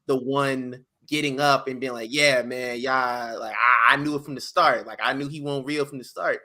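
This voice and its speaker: A man co-hosting a podcast in casual chat, retelling events with animated storytelling and slangy acted-out quotes. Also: mid-range voice, normal speed. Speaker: podcast co-host.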